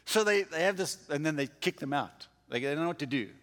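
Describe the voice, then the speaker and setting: A man preaching a sermon, with a dramatic delivery that swings from quiet to loud. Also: a little high, animated, brisk, in a large hall. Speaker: pastor.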